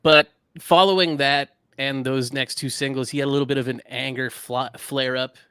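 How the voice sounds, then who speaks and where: Bright-voiced man telling a story casually. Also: mid-range voice, fairly even intonation, normal speed, smooth, no echo, clean studio sound. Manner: laid-back, self-deprecating storyteller. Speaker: podcast co-host. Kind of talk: casual comedic history chat.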